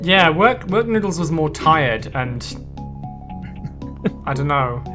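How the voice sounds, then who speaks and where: A woman's voice: sits low, very animated, takes it slowly, over music. A woman playing a puzzle game with friends, chatting casually with dry humor. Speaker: co-player. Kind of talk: casual gameplay chat.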